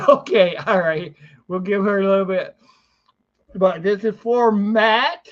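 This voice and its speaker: A man hosting a casual live chat, excitable and quick to laugh, stumbling and repeating his words. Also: high voice, dull audio. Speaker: podcast host.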